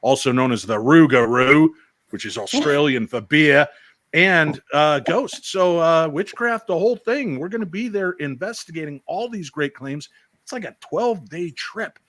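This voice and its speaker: An American man chatting over a video call, an animated storyteller who jokes and slips into voices. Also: fairly high pitch, moderate pace, dry recording. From United States. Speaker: paranormal podcast host and guest. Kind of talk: casual video chat.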